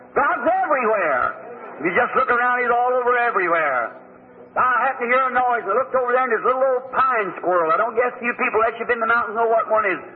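A male preacher with a very high voice delivers a fervent, emotional sermon story. The sound is thin and tinny, like an old recording heard through a phone line.

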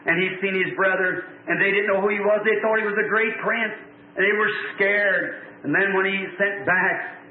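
A man's voice: sits high, fairly even intonation, moderate pace, a little hiss or hum. A man preaching a revival sermon, retelling a story with fervor and rising to cries at its peaks. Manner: fervent storytelling, swelling to cries. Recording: tinny, echoey old church tape.

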